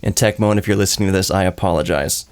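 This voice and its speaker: A man's voice: sits low, fast talker. Rambling male podcast host. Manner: rambling, self-correcting, apologetic asides. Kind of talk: casual roundtable chat.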